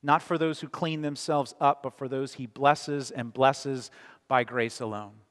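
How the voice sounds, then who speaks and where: A man preaching a sermon in a church, his voice sitting at a middle pitch. He is earnest and emphatic, and lets key phrases fall quiet. A long hall reverb trails after each line. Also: steady tone, a little slow. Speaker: pastor. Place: church sanctuary.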